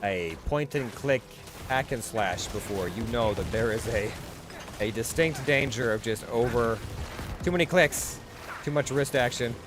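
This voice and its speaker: A man's voice: mid-range voice, a little slow, background noise. A man streaming a hardcore game run, rambling casually with fillers and restarts as he thinks aloud. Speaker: gaming streamer. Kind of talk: casual gameplay commentary.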